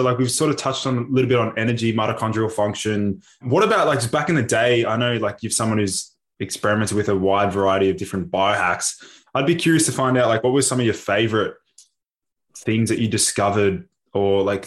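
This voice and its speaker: A man's voice: fairly low pitch, brisk. A man hosting a podcast, asking questions in a hesitant way with many filler words. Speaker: podcast host. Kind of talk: casual interview talk.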